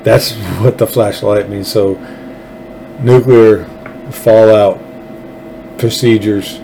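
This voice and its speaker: A man's voice: lowish voice, steady tone, slow, dark tone, slight background noise, poor audio. A man from Texas hosting a solo political show, ranting in a blunt, profane and sarcastic way. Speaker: political talk show host.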